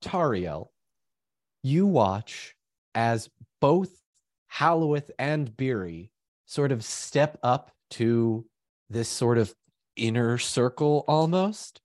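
A man running a tabletop game as game master, narrating the scene slowly. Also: mid-range voice, animated, a little mellow, dry recording, clean studio sound.

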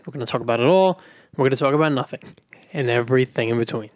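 A man's voice: medium pitch, very fast. A man hosting a casual podcast. He tells stories in a rambling, hesitant way. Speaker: podcast host.

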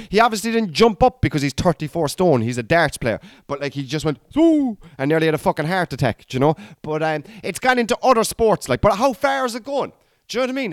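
A man's voice: high-pitched, smooth, dry recording, studio quality. A man in his thirties with an Irish accent, talking through a comedy bit in a casual, rambling way, swearing and restarting his sentences. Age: 30s. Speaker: comedian podcast host.

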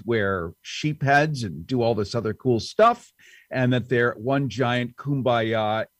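A man's voice: medium pitch, no echo. Joking guy host, mid voice, dry close sound, wry asides. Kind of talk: casual interview chat.

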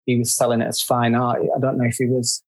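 A man's voice: mid-range voice, completely flat delivery. A man who works as a photographer, talking casually as an interview guest, chatty with frequent restarts. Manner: chatty, halting, self-described grumpy.

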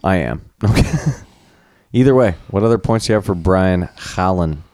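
A man's voice: low voice, lively intonation, moderate pace, a little mellow, no echo, clean studio sound. A man co-hosting a podcast, chatting casually in a laid-back, rambling way. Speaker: podcast co-host. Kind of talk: casual chat.

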